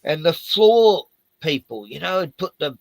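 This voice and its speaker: Gravelly older man. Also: on the high side, lively intonation, unhurried, no room sound, low-quality recording. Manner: rambling and profane, full of "you know". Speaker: retired house painter. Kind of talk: casual chat.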